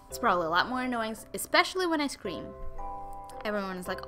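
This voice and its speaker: A woman's voice: on the high side, wildly swooping pitch, moderate pace, gravelly, pauses often, music in the background. A woman giving casual gameplay commentary, chatting to viewers and talking to the game with sudden exclamations, sounding a little under the weather. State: slightly sick. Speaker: gaming YouTuber.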